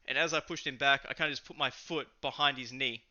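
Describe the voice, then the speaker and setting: A man co-hosting a podcast, telling a story in a casual, animated way, swearing freely and acting out what people said. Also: mid-range voice, fast talker, muffled recording, crowd noise. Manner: animated, swearing, acts out quotes. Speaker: podcast co-host.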